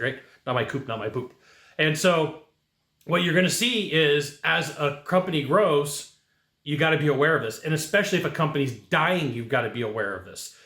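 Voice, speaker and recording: A man's voice: medium pitch, a bit bright, reverberant. A man hosting a career advice channel, talking directly and repetitively with emphatic rhetorical asides. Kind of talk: casual advice monologue.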